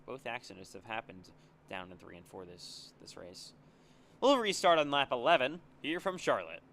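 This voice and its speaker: A young man calling live play-by-play for an online racing series, excitable and exclaiming at crashes. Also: mid-range voice, normal speed, vocal fry. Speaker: race commentator. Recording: loud racing game engine noise behind.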